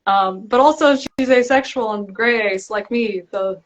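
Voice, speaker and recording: A woman's voice: fairly high pitch, a little slow. Giggly young woman on a lo-fi livestream. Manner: giggly, chatty. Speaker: author. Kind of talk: casual live chat. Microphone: video call. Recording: lo-fi livestream audio.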